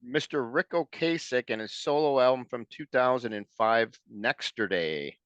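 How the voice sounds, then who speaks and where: A man co-hosting a casual album-review chat in an easygoing, halting way, full of fillers. His voice sits in a middle range. The recording is dry and slightly dull, like lo-fi audio. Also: mid-range voice, a bit bright, clean tone, no room sound. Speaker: co-host.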